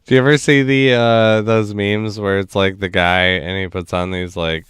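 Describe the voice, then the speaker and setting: Laid-back male stream host, low and smooth, dry close sound. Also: moderate pace, dry recording. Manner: laughs often, swears, animated storyteller. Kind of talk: casual chat.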